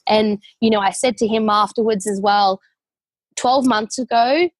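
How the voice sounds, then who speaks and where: A woman's voice: medium pitch, fairly even intonation, unhurried, dry recording. A young adult woman with an Australian accent, a podcast guest telling her story in a heartfelt, rambling way full of fillers. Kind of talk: casual interview.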